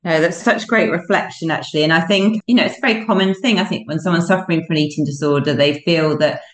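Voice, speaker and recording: A woman hosting an interview podcast, her voice sitting low for a woman. She responds in an affirming, reflective way and laughs easily. The sound carries an echo from the room. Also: quick pace. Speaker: podcast host.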